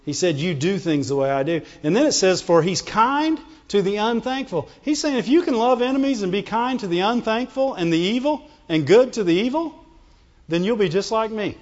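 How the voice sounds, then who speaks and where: A man preaching a sermon, animated and playful, acting out whining voices and laughing often. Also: high-pitched, normal speed. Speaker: pastor. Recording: dull sound with long hall reverb.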